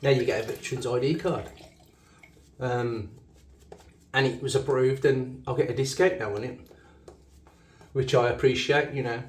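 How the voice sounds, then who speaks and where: A man with a broad Black Country accent talks casually as he shaves, rambling and correcting himself with easy laughs. His voice sits at an ordinary middle pitch. The sound bounces around a small echoey bathroom. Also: fairly even intonation, normal speed, long pauses, far from the mic. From Black Country, England. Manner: chatty, self-correcting, laughs easily. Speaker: shaving channel host. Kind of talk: casual rambling shaving commentary.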